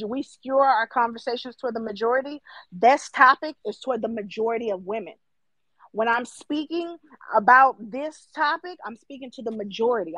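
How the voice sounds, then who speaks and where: A woman's voice: a little high, fairly bright tone, no room sound, muffled recording. A young woman arguing her point on a live stream, emphatic and mocking, now and then mimicking her critics. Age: 20s. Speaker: livestream guest. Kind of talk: heated debate.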